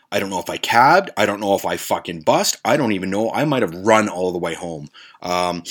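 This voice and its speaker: A man's voice: fairly low pitch, a bit bright, breathy edge. A man hosting a podcast, telling a story casually in a profane, rambling way with lots of restarts. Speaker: podcast host.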